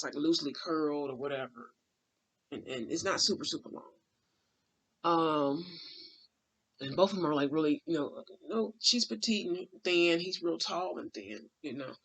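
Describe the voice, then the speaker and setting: A man recounting a vivid dream in casual, rambling speech, emotional and full of fillers, sometimes dropping to a hushed aside. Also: a little high. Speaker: dream channeler.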